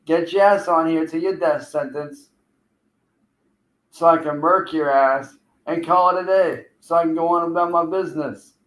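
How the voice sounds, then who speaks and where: A man's voice: a little high, fairly even intonation, moderate pace, a bit bright. Man trash-talking on a livestream, echoey. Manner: taunting, profane, calling out a rival. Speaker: streamer.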